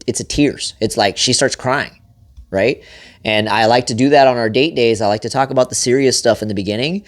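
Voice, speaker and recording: A man talks straight to the camera with blunt, profanity-laced marriage advice, his voice sitting at an ordinary mid pitch. He keeps punctuating points with a checking "right?" and pushes energy up and down as he coaches. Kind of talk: motivational advice talk to camera.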